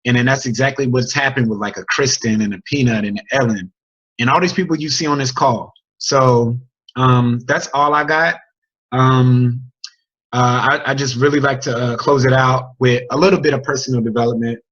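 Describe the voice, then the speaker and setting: A man coaching his team on a group video call, telling a story with an energetic, chatty manner and questions to the group. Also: mid-range voice, moderate pace, slightly rough. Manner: energetic, chatty, sports metaphors and crowd questions. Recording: dull lo-fi video call audio.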